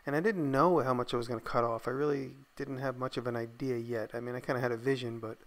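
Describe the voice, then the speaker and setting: A man talks through his workshop project in a loose, unscripted voice-over. His voice sits at an ordinary middle pitch, and he sounds relaxed and a little tired as he thinks aloud. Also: quick pace. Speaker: maker narrating his build video. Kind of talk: casual voice-over narration.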